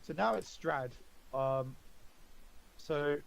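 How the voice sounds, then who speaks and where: A man running a tabletop game as dungeon master, relaxed, laughing often and filling pauses with um and uh. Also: a little high, creaky.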